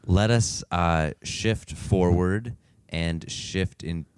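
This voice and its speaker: A man's voice: low-pitched, extremely slow, clear, resonant tone, dry recording, studio quality. A man co-hosting a casual podcast chat, playing with words and correcting himself. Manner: wordplay, playful self-corrections. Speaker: podcast co-host.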